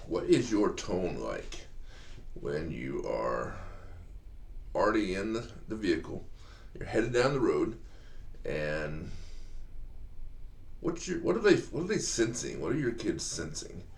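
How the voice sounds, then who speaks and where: A man with a very deep, gravelly voice talks earnestly to fathers, coaching them in a casual, halting way. He restarts his sentences often as he thinks aloud. The sound has a roomy echo. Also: sing-song. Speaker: host giving fathers advice. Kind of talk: casual advice talk.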